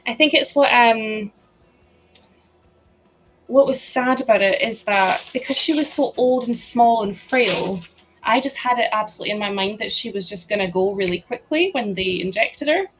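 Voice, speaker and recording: A woman's voice: fairly high pitch, normal speed, fairly bright tone, low-quality recording. A woman hosting a live stream, chatting casually with her audience, rambling with lots of "like" fillers. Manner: chatty, rambling, many "like" fillers, frequent laughs. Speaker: livestream host. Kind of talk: casual chat to a live chat while sorting.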